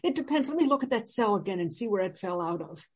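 Husky woman puzzling aloud. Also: mid-range voice, expressive, fast. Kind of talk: improv comedy.

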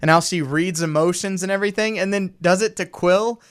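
A man co-hosting a podcast in casual chat, animated and laughing as he acts out movie quotes. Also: high-pitched, brisk, smooth, no room sound, studio quality. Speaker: podcast co-host.

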